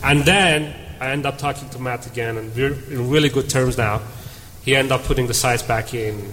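A man's voice: mid-range voice, moderate pace. A man on a conference panel telling a story and acting out the dialogue as he goes. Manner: animated storyteller, acts out dialogue. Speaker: panel speaker. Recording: reverberant hall, faint room noise.

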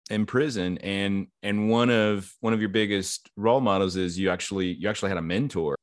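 A man's voice: fairly low pitch, steady tone, fairly quick, dry recording, studio quality. A man hosting an interview, asking easygoing, rambling questions. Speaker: interviewer, host. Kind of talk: casual interview.

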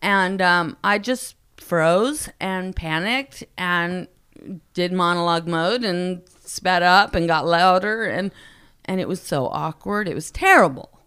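Animated woman comedian telling stories. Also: fairly low pitch, smooth, no echo, studio quality. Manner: animated, laughs often, quick asides. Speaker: stand-up comedian guest. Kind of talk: casual anecdote storytelling.

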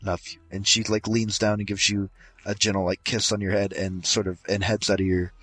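A man narrating as game master, halting and descriptive with many fillers. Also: fairly low pitch, little pitch movement, fairly bright tone, breathy edge.

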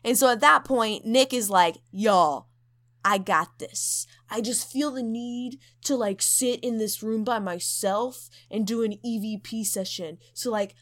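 A young adult woman co-hosting a podcast, casually retelling a story and acting out the quotes with loud jumps in pitch. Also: measured pace. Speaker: podcast co-host.

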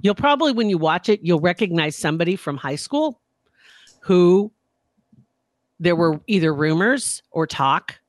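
A woman's voice: lowish voice, sing-song, measured pace, dry recording. A woman co-hosting a talk show in casual chat, chatty and self-deprecating, often restarting her sentences. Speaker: podcast co-host.

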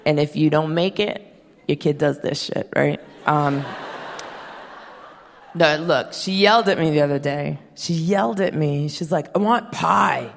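Slow, low-voiced woman doing blunt stand-up. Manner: blunt, profane and sardonic, with deadpan punchlines. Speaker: stand-up comedian. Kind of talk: stand-up comedy set. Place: stage before a live audience. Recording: hall reverb and faint hiss.

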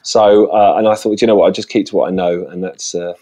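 Low-voiced man telling rambling stories. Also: fairly even intonation, quick pace, mellow. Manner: rambling, many false starts. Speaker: podcast guest. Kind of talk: casual anecdote telling. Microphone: phone.

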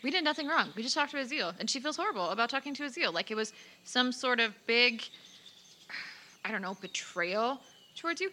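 A woman playing a tabletop game, speaking in character in an exasperated, pleading way that swells into near-shouts. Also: on the high side, lively intonation, fast, a little hiss or hum. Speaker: tabletop player.

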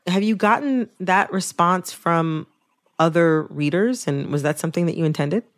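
Low-voiced woman radio host. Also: normal speed. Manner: reflective, thoughtful questions. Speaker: podcast host. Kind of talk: radio interview.

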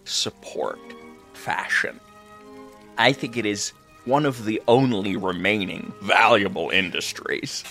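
A man playing a vain, eccentric older country club owner in an improvised comedy sketch, talking in a strained, aged put-on voice with pompous, drawn-out emphasis. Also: lowish voice, sharp tone, faint music behind, exaggerated voice. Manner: pompous, self-absorbed, drawn-out emphatic delivery. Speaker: podcast co-host.

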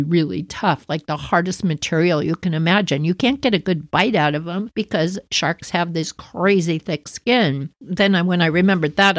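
A woman hosting a podcast, telling a personal story in a lively, chatty way and repeating her words as she goes. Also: mid-range voice. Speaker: podcast host.

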